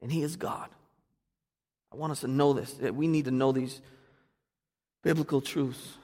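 A man's voice: mid-range voice, fairly even intonation, normal speed, breathy edge. Fervent preaching man in a reverberant church. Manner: swings from hushed to loud and fervent. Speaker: pastor. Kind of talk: sermon. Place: church sanctuary. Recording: long reverb of a church hall.

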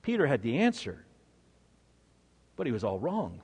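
A male preacher delivering a sermon with dramatic storytelling, swinging from hushed to emphatic. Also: medium pitch, huge pitch swings, normal speed, breathy edge, in a large hall.

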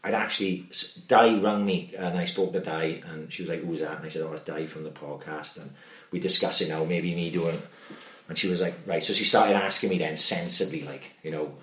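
Casting: very low-voiced man, chatty podcast co-host, cursing freely, echoey room. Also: fairly even intonation, brisk, sharp tone. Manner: sweary, storytelling, keeps asking "do you know what I mean". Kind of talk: casual chat. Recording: roomy echo.

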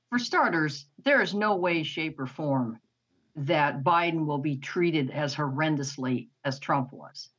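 A woman with a notably low voice talks politics on a podcast. She sounds emphatic and indignant as she presses her points. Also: fairly bright tone, rough recording. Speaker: podcast co-host. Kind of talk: casual political discussion.

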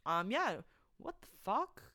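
Lively, animated woman podcast co-host. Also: medium pitch, slow pace, dry recording. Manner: animated, self-mocking, rambling. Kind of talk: casual chat.

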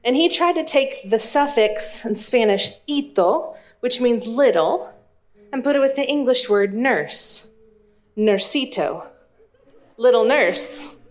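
A woman from East Texas, in her thirties, with an East Texas accent, tells a story to a live audience, slow and unhurried. Her voice sits fairly high. Her manner is humorous and self-deprecating. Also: expressive. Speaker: speaker and Spanish teacher.

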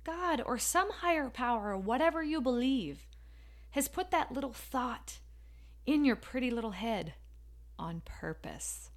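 Lady podcaster, higher voice, gets all emotional and emphatic telling her story. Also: expressive, unhurried. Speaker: podcast host. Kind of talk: motivational podcast monologue.

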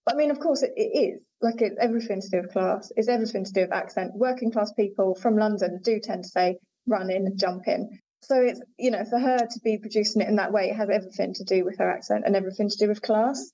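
Mellow-voiced woman researcher on a lo-fi recording. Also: medium pitch, quick pace, few pauses. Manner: articulate, hedges with fillers. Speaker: linguistics researcher, guest. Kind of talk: conversational podcast interview. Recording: dull lo-fi audio.

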